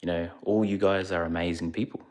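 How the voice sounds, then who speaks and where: Here the voice sits low with a darkish tone and fairly even intonation, moving fairly quickly. It's a man on a livestream, easygoing and slightly drowsy, wandering through casual talk and answering chat.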